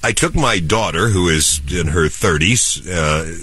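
Older male co-host, congested and nasal, very low pitch, meandering anecdotes. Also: a little slow, bright, forceful tone, breathy edge. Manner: rambling storyteller with many restarts and fillers. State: head cold, nasal. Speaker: radio show co-host. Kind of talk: casual chat.

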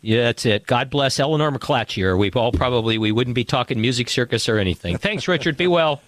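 A man's voice: medium pitch, animated, a little fast, no echo. A man hosting a radio show, asking rambling questions full of restarts in a studio. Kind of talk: radio interview.

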